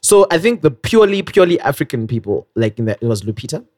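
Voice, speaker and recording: A man co-hosting a casual podcast, an animated storyteller who laughs often. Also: on the high side, fast talker, no echo, clean studio sound. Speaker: podcast co-host. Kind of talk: casual chat.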